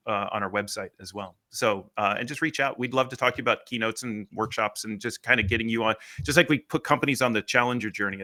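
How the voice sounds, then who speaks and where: A man guest on a business podcast, telling a sales story in an animated way and acting out the quotes. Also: on the low side. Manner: animated, acts out quotes, rants.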